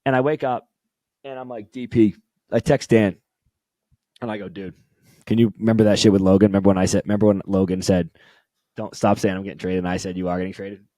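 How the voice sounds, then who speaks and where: Swearing, excitable young man telling a story. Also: on the low side, quick pace, pauses often, no room sound. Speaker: podcast co-host. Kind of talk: casual chat.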